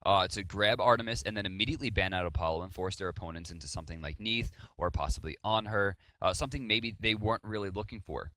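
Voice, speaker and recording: A man casting a live esports match, breaking down picks and strategy in quick analytical talk. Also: fairly low pitch, sharp tone, no echo. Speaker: esports caster. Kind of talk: live esports play-by-play commentary.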